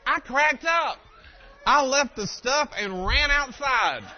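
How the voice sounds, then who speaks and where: A man giving a humorous motivational keynote, telling family stories in an animated way and acting out the dialogue. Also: extremely high pitch, slow pace. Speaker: keynote speaker. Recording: dull lo-fi live recording.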